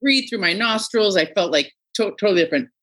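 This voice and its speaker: With a medium-pitched voice and a quick pace, a middle-aged podcast host tells lively stories during a casual interview. She performs the voices of the people she quotes.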